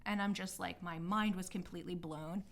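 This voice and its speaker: Candid, lower-pitched woman telling a personal story. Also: fairly even intonation, normal speed, gravelly. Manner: reflective and confessional, loose with many "like" fillers; apologetic, openly emotional. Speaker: healing arts practitioner hosting a personal podcast.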